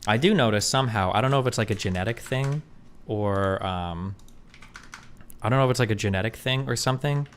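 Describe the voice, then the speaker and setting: A man's voice: on the low side, brisk, a little hiss or hum. A man chatting casually with viewers, answering their questions in a blunt, profane, rambling way with lots of fillers. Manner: reads viewer questions aloud. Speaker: streamer answering chat questions. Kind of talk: casual chat.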